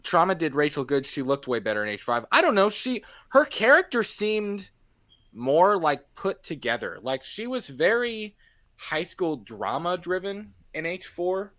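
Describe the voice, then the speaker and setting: Bright lively-voiced man on a podcast. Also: fairly high pitch. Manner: animated, acts out movie lines in voices. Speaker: podcast co-host. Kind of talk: casual movie podcast chat.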